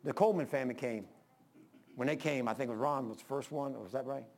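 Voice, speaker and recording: An older man preaching a sermon to his congregation, impassioned, rising to urgent peaks and dropping low. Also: fast talker, darkish tone. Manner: impassioned preaching, rises then drops low. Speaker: pastor.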